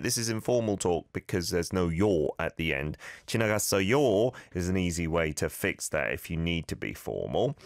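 A man with a very low voice hosting a radio show, walking listeners through pronunciation with patient, gently corrective explanations. The studio sound is close and dry, with no room echo. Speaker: radio host.

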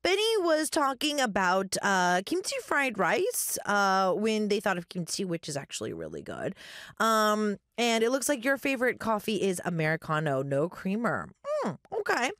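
A chatty woman hosting a radio show, her pitch swinging up and down as she talks. The sound is close and dry, with no room around her. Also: normal speed, no echo. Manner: chatty, many fillers, animated pitch. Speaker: radio host. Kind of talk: casual radio talk and story reading.

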